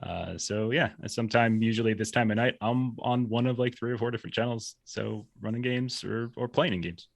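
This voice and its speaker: A man's voice: mid-range voice, steady tone, fairly quick, vocal fry, few pauses, dry recording. A man introducing himself as a player on a tabletop game stream, rambling and self-deprecating with many fillers.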